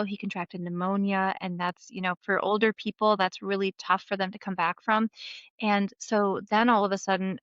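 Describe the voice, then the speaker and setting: A woman in her thirties, a memoir author and podcast guest, telling stories in an animated casual way full of "like" fillers. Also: mid-range voice, dry recording, highs cut off. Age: 30s. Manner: animated storyteller, lots of "like" fillers.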